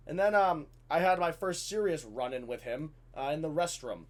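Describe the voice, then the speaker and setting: A man tells a comic story from his school days in a loose, chatty way. His voice sits a little high, and he swears freely and fills pauses with "um" and "like". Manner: animated, swears freely, lots of fillers. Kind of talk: casual comedic storytelling.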